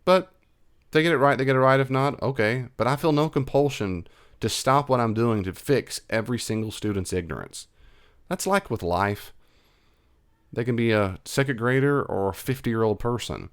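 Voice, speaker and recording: In a mid-range voice with a clean tone and moderate pace, a middle-aged Christian counselor with a Southern US accent responds to an email. His advice is casual, reassuring and encouraging, delivered conversationally with repetition.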